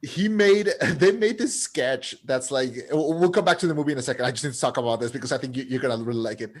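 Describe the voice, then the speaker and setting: A man co-hosting a podcast, talking eagerly about a film and often restarting his sentences. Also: mid-range voice. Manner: enthusiastic, halting, many restarts. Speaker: podcast co-host. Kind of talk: casual podcast chat.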